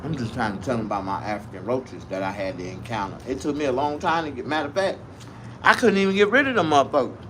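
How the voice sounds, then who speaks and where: Animated, profane man telling a story. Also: medium pitch, fast talker, background noise. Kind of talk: comic storytelling rant.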